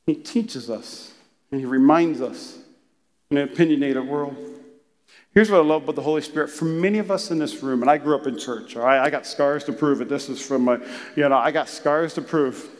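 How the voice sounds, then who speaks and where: High-voiced pastor preaching in a reverberant church hall. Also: male voice, brisk. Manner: animated, conversational preaching with acted asides. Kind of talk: sermon.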